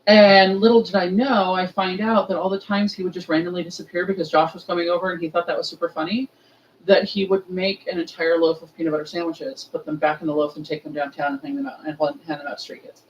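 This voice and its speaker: A woman's voice: fairly low pitch, fast. A woman leading a remembrance ritual, telling stories casually and acting out the voices of the people in them. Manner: animated, acts out quoted voices, laughs often. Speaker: ritual leader and storyteller. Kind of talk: casual storytelling. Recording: dull distant audio with faint noise.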